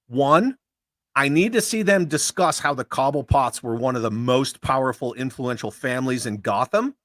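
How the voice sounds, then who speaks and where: A man's voice: mid-range voice, normal speed, a bit bright, dry recording. A man co-hosting a casual livestream, chatting loosely with a lot of swearing and reading out chat comments. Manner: laid-back, profane, riffing.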